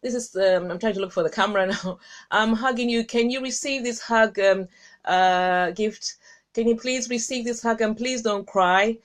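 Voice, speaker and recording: A woman hosting a live stream, chatting casually with viewers in an effusive, affectionate way, laughing often and leaping up in pitch. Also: moderate pace. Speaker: host of a live-streamed encouragement session.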